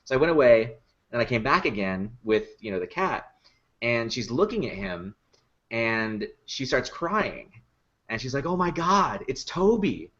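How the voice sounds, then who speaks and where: A man's voice: mid-range voice, big pitch swings, a little slow, a bit bright, highs cut off. A man who builds and performs puppets, telling stories in a casual podcast chat, with easy laughs and many fillers. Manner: laughs easily, chatty storytelling with many fillers.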